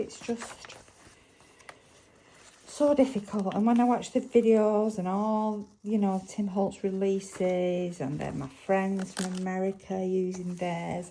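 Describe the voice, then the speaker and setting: A woman's voice: medium pitch, mellow, slight background noise, rough recording. A woman with a Lancashire accent chatting casually at her craft table, thinking aloud and asking viewers questions as she works. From England. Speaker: crafting vlogger. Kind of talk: casual chat while crafting.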